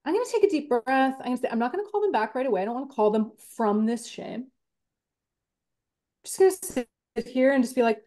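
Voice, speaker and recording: A woman speaking as a podcast guest, talking in an animated and reflective way and acting out her own inner thoughts as she explains. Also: on the high side, a little fast. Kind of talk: reflective conversational interview.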